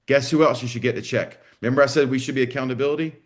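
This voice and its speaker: A man's voice: mid-range voice, rapid-fire, hardly any pauses. A male business coach running a live online session in a mid-range voice. He talks bluntly and with energy, swears freely, and slips into acting out conversations with staff and parents. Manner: blunt, salty, energetic, acts out dialogue. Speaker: business coach for martial arts school owners.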